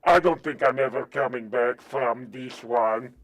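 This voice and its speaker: A man's voice: mid-range voice, a little slow. A man calling into a live show, panicky and insulting. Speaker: caller. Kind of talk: comic bit over a call.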